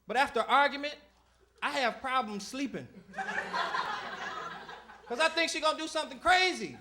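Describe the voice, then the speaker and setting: A man's voice: very high-pitched, normal speed, heavy background noise. A man doing a stand-up set on a club stage, telling stories and slipping into family voices. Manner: animated storytelling, shifting into voices for family. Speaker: stand-up comedian. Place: comedy club stage with audience. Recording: live club recording with loud audience.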